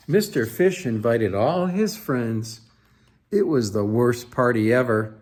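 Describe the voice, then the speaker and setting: A lively, unhurried man reading a picture book aloud. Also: medium pitch. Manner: expressive, with playful sound effects. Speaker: children's book reader. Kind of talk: storybook read-aloud.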